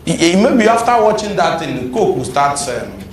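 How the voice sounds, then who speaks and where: A man's voice: a little high, big pitch swings, moderate pace, a little hiss or hum. A man, teaching a sales class and quizzing his audience. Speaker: sales trainer. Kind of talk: classroom lecture.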